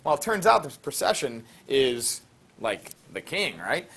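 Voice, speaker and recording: A male teacher retelling an ancient myth to his class in a jokey, slangy, animated way, with many fillers. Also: medium pitch, measured pace, creaky, slightly rough. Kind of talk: classroom storytelling lecture. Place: classroom with students.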